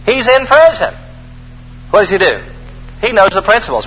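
High husky-voiced male preacher. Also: moderate pace, long reverb tail, muffled recording. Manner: animated, folksy, emphatic asides while reading scripture. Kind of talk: sermon.

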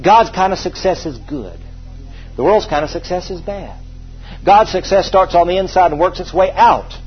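Emphatic preacher man, husky and lo-fi. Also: on the high side. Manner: emphatic, repetitive, calls for congregation responses. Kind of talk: sermon.

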